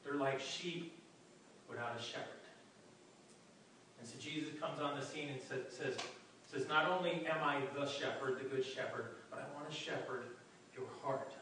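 Recorded from afar in a very echoey space with faint background noise, a male pastor delivers an earnest sermon, frequently repeating himself and starting over. He speaks at a normal speed in a medium-pitched, steady voice with a sharp tone.

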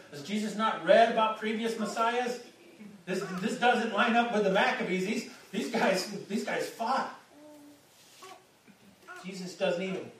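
A pastor with a high-pitched, fairly bright voice preaches conversationally, often repeating words as he starts a phrase. The mic is distant in an echoey hall, with slight background noise.

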